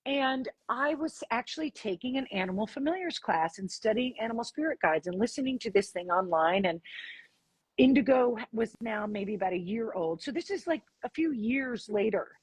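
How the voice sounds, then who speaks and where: Very husky woman telling a story. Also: on the high side, moderate pace, no room sound. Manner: animated, acts out dialogue in her stories. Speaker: podcast guest. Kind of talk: storytelling in an interview.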